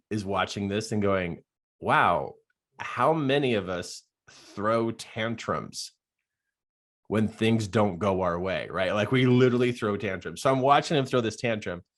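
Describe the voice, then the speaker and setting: An older man, a life coach, telling stories in an animated podcast monologue and laughing often. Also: on the low side.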